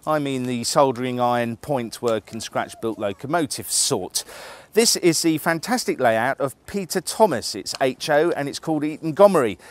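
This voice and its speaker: A man presenting a TV show in scripted voice-over narration, wry and jokey, fond of puns. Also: mid-range voice.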